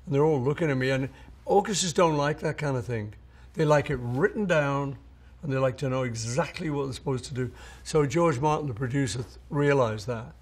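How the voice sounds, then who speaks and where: This older songwriter's voice is husky and medium in pitch, and he talks a little fast. Recalling his songs in a storytelling interview, he relates anecdotes and acts out what others said.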